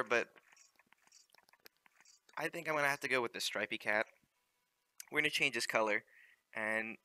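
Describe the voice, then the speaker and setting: A man's voice: mid-range voice, pushed and bright, clear, resonant tone, dry recording. A young man hosting a let's play, commenting casually on the game with joking asides and frequent ums.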